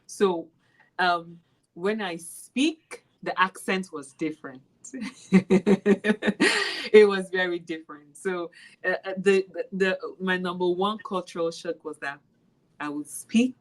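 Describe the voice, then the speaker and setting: A Nigerian woman and maths teacher, telling classroom stories in an interview with lively laughter. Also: lowish voice, rough recording. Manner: animated storyteller, laughs while retelling classroom moments. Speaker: special education maths teacher. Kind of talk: casual interview.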